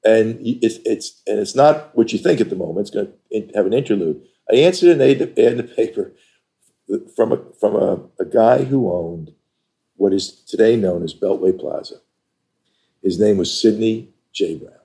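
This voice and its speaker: An older man from New York, an interview guest telling stories about his career in an animated, emphatic way. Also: lowish voice, normal speed, vocal fry. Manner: animated, emphatic storyteller who acts out quoted dialogue. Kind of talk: conversational storytelling.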